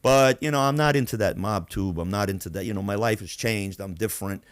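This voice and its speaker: A man from Queens, hosting a podcast and telling stories in a profane, animated way. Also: lowish voice, fairly quick, smooth, no echo. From Queens, New York. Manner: animated, profane, acts out voices. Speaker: podcast host. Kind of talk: casual storytelling.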